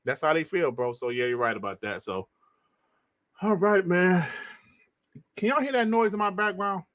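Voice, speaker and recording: A man's voice: high-pitched, expressive, moderate pace, a bit bright, dry recording. Man, podcast host, casual and profane, dry close sound. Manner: loose and profane, calls others bro. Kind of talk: casual chat.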